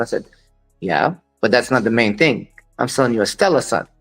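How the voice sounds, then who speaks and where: A man's voice: mid-range voice, animated, fairly quick, a bit bright. Guest interviewee: blunt male dog breeder, dismissive of critics, light music underneath. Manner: blunt, dismissive of critics, quotes others in dialogue. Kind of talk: storytelling interview.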